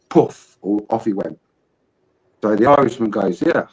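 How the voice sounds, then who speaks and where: A man with a husky voice chats on a stream. He jumps in eagerly to tell a crude joke. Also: on the low side, measured pace, pauses often, darkish tone, poor audio. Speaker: stream guest. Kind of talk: casual chat, joke telling.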